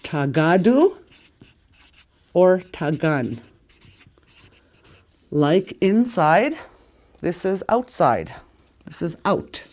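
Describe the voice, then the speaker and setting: A woman teaching a language lesson in a casual way, repeating words slowly and stressing them strongly. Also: lowish voice, big pitch swings, a little mellow. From Canada.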